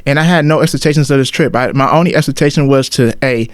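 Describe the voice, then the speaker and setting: Young man, casual podcast talk, slangy, middle pitch, dry close sound. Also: fast, dry recording. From Ohio. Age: 20s. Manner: loose, slangy, addresses listeners as y'all. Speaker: podcast host.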